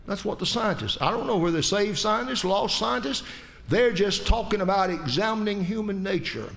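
A pastor from the United States preaching in church, with impassioned appeals that rise loud and high and then drop to hushed, low asides. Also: male voice, lively intonation, moderate pace, vocal fry. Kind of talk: sermon.

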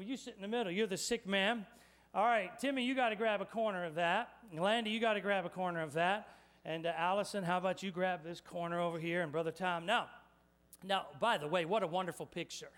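A male pastor delivers a sermon with energy and playfulness, guiding volunteers through a live demonstration while addressing the congregation directly. His voice is high-pitched.

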